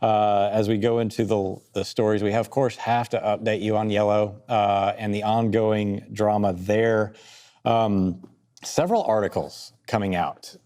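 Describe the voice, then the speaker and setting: A man co-hosting a podcast, talking through market charts in a casual, quick, joking way. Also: fairly low pitch. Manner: quick, joking, lively, laughs between points. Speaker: podcast co-host. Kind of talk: casual market analysis chat.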